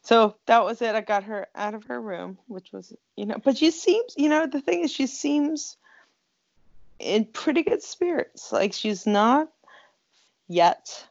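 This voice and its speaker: A woman's voice: a little high, expressive, measured pace, vocal fry, darkish tone, no echo. A middle-aged woman co-hosting a podcast, chatting casually and teasing her partner, often laughing. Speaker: podcast co-host. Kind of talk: casual chat. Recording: dull lo-fi sound.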